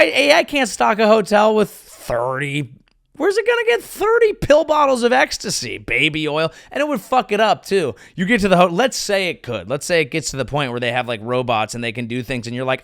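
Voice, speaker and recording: A male comedian hosting his own podcast, riffing crude jokes in an animated monologue on a close mic. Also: high voice, a little fast, creaky, no room sound. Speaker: comedian host.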